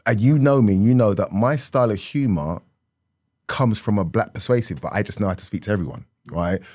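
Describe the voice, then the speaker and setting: A middle-aged comedian with a South London accent, telling stories on a podcast. His voice sits a little low, and he keeps it lively, laughing and dropping into acted voices. The sound is dry and close, with no room echo. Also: brisk. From South London, England. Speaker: comedian guest. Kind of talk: animated podcast storytelling.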